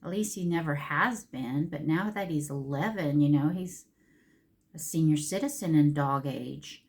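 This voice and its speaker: A woman's voice: sits low, measured pace, a little mellow. A middle-aged woman chatting casually while doing her makeup, telling a long rambling story with emotional ups and downs. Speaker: makeup vlogger.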